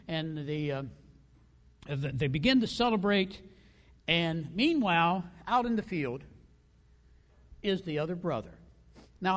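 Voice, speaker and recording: A male pastor preaching a sermon in a church, animated and acting out the characters in the story. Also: high-pitched, big-room sound. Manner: animated, acts out quoted characters.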